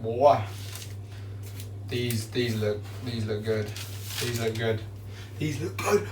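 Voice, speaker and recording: A man chatting casually on a live stream while he bakes in his kitchen, excitable and repeating his catchphrases. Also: mid-range voice, distant mic, slight background noise. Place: home kitchen. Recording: roomy echo, away from the mic.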